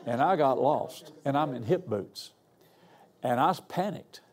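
A man's voice: medium pitch, expressive, a little slow, darkish tone. An older man, a guest pastor preaching a sermon in a folksy, humorous, storytelling way. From Arkansas. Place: church.

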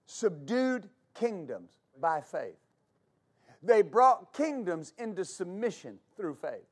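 High voiced preacher man, fervent, keeps repeating himself and stammering, calls out to the church. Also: big pitch swings, slow. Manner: call-and-response with congregation. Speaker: pastor. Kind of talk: preaching a sermon.

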